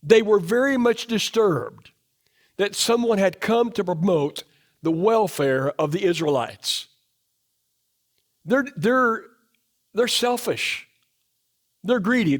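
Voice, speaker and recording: A middle-aged man preaches in a church sanctuary, his voice a little higher than most men's. He is emphatic and presses rhetorical questions on the congregation, and he sinks low and quiet to drive home a point. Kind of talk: sermon.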